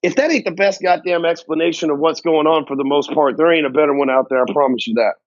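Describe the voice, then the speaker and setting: High-voiced blunt, swearing male business coach. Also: fast, dry recording. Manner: blunt, heavy swearing, slangy grammar. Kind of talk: profane motivational talk to camera. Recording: dull, dry lo-fi audio.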